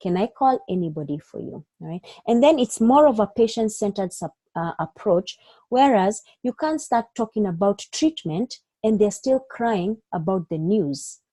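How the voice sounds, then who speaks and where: A woman's voice: mid-range voice, expressive, measured pace, warm tone, no echo. A woman teaching an online exam-prep lesson for doctors, giving step-by-step advice and checking in with frequent "okay?". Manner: acts out doctor and patient lines in her own voice. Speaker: medical exam tutor.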